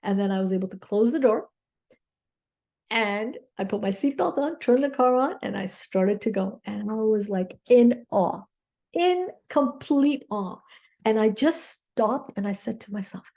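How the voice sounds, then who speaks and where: A woman's voice: mid-range voice, normal speed, vocal fry, a little mellow. A woman mindset coach telling a personal story in an earnest, grateful way, often checking in with her listeners with "okay?".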